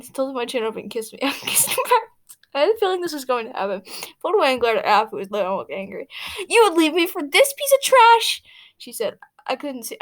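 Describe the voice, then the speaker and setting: A woman reading fan fiction aloud, stumbling over words and stopping for her own asides. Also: on the high side. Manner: stumbling, restarting, laughing asides. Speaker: fanfic reader.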